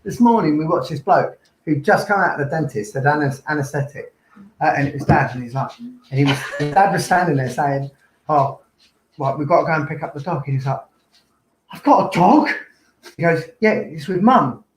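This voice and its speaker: A man co-hosting a live stream, an animated storyteller who acts out the voices in his anecdotes. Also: on the high side, fairly quick. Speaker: co-host. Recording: echoey room.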